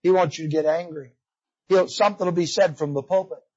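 A man preaching a revival sermon in church, swinging from loud emphasis to hushed pleading. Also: a little high, steady tone, a little fast, husky, muffled recording. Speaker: visiting preacher. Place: church sanctuary.

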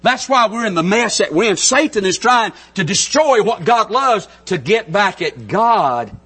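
Fervent country preacher from North Carolina. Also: male voice, lively intonation, measured pace, husky. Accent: Southern US, North Carolina. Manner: fervent, builds to shouts, drops to soft intimate lows. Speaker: pastor. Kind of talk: sermon. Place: church sanctuary.

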